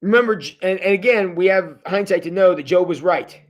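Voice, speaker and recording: A man's voice: high voice, fairly quick. A man leading a livestreamed Bible study as pastor, talking conversationally and often repeating words as he restarts. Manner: addresses viewers directly.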